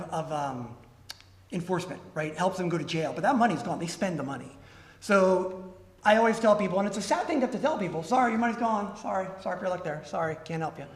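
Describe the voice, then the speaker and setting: A high-pitched man answers questions after a talk, and he animates his stories by acting out the callers' lines. He sounds like he is in an echoey meeting room. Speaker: guest speaker from a consumer nonprofit. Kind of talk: Q&A after a club presentation.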